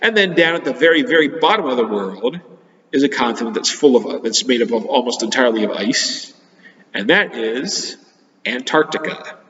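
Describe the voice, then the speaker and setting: A man teaches a class of children, explaining things simply and patiently and pausing often. His voice comes through a dull, lo-fi recording that rings in a roomy space with a long reverb tail. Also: mid-range voice, lively intonation, a bit bright. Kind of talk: geography lesson for children.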